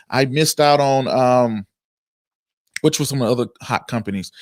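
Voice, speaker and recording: A man hosting a stock market livestream talks in a loose, chatty way. He greets viewers by name and reads their comments before explaining the day's market moves. His voice sits at a middle pitch and sounds dry and close to the mic. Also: dry recording. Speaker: host of a stock market show. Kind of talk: casual livestream market talk.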